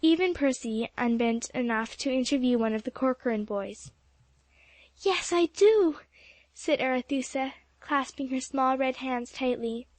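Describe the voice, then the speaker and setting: A woman's voice: sits high, normal speed, hardly any pauses, no room sound. A woman reading an audiobook aloud as narrator, telling the story steadily. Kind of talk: scripted narration.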